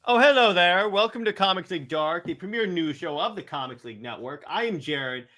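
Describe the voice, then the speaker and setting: A man hosting a casual podcast chat, brisk and teasing, often stumbling into restarts. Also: sits high, lively intonation, loud music behind the voice. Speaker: host.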